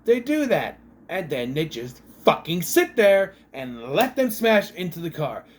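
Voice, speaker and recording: A man's voice: on the high side, big pitch swings, unhurried. Exasperated man ranting about a movie. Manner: exasperated, swears freely, yells mock lines from the film. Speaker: movie reviewer. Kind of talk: casual movie review rant.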